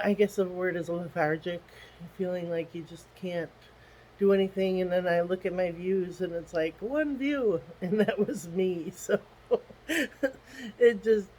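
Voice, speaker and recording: A tearful middle-aged woman talking haltingly through a personal video diary, with many pauses and restarts. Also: lowish voice, a little mellow, poor audio. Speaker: vlogger.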